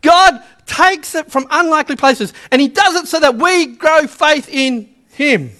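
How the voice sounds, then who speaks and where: A man preaching in a loose, conversational way, breaking into little acted-out quotes. His voice sits very high and sounds bright and forceful. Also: measured pace. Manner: chatty, storytelling, acts out quotes. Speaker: pastor. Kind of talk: sermon.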